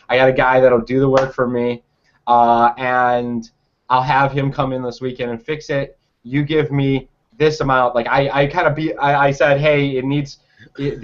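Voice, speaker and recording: A man's voice: medium pitch, muffled recording. Rambling young man telling a story. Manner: rambling, with many fillers and restarts. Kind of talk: casual storytelling.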